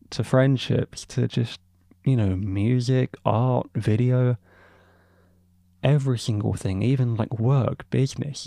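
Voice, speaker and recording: Gravelly young man ranting casually. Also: mid-range voice, mellow, dry recording, clean studio sound. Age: young adult. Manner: rambling and opinionated, with many asides. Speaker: podcast host. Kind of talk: casual opinion monologue.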